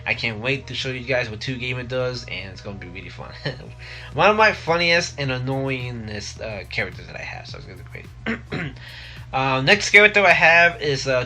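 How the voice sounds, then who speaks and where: A young man talking casually into a close mic for his vlog, rambling with many pauses and restarts. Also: medium pitch, sharp tone. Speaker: vlogger. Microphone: close desk mic.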